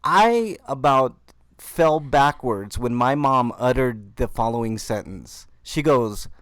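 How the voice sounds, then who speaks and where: A man hosting a podcast, telling a story with animated mock outrage. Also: mid-range voice, takes it slowly, dry recording. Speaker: podcast host. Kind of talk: casual chat.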